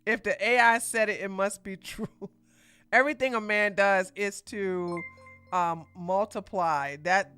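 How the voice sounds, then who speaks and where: A woman's voice: medium pitch, fairly even intonation, a little slow, a bit bright, clear, resonant tone, soft background music. A woman hosting a livestream podcast, giving blunt opinions in casual commentary, laughing often and reading out viewer donations. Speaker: podcast host.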